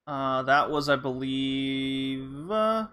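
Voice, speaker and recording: A man's voice: mid-range voice, lively intonation, very slow, bright, forceful tone, clean tone, soft background music. A man hosting a casual gaming podcast, talking loosely with many fillers. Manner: rambling, with frequent fillers. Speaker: podcast host.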